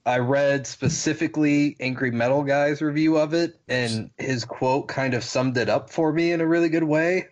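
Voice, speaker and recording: A man's voice: medium pitch, highs cut off. A man co-hosting a podcast, chatting casually and enthusiastically as he reviews albums, often restarting his sentences. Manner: enthusiastic, rambling, with frequent restarts. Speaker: podcast co-host.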